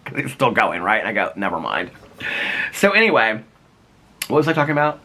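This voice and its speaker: A man's voice: medium pitch, very animated, fast talker, long pauses, bright, forceful tone, breathy edge. A man vlogging casually from home on a handheld phone, rambling with lots of fillers and frequent laughter. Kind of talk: casual chat. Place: his home, indoors.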